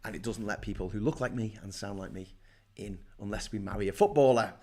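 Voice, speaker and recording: A man's voice: on the low side, fairly quick, a little mellow. A middle-aged man hosting a casual livestream from his desk, rambling, swearing and joking as he reads out viewer comments. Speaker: live show host.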